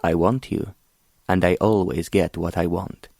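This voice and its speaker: A scheming prince, arrogant and cold, sneering at his captive in a very deep, low voice, as a man reads him. The delivery is mocking and condescending, recorded close and dry. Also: fairly even intonation, unhurried, creaky, darkish tone, no echo, full character voice.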